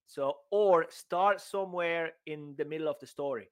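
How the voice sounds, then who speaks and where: A man co-hosting a casual public speaking chat, animated and jokey, acting out bits of dialogue. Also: a little high, moderate pace, smooth. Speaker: podcast co-host.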